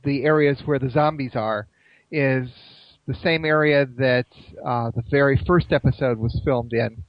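A man's voice: medium pitch, measured pace, no room sound. Hesitant man, dull dry recording. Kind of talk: casual group chat.

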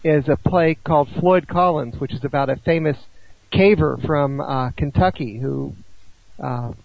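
A man's voice: a little high, measured pace, vocal fry. An American man in a casual chat, curious and chatty, stumbling over repeated words. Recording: dull line with faint hiss.

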